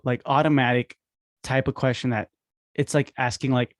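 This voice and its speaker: A man in a casual instructional talk who acts out phone calls with quick voice shifts. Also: medium pitch, level tone, no echo, clean studio sound. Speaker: podcast host teaching dental marketing.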